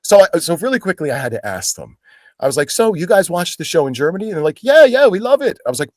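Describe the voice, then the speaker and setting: A middle-aged man, a guest actor, spins stories in an animated, playful way, slipping into other people's voices. His pitch sits a little high and swings widely. The sound is dry and close, with no room in it. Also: fast, dry recording. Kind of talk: casual anecdotal storytelling.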